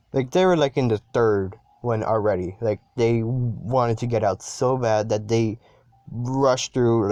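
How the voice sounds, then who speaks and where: A man's voice: mid-range voice, dark tone, no echo, clean studio sound. A man narrating an improvised fan story, rambling with many restarts.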